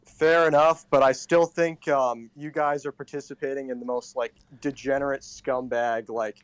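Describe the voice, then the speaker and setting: A man's voice: mid-range voice, fairly even intonation, normal speed, clear, resonant tone, no echo. A man arguing as a debate guest, hesitant, with many likes and ums. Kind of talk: argumentative debate.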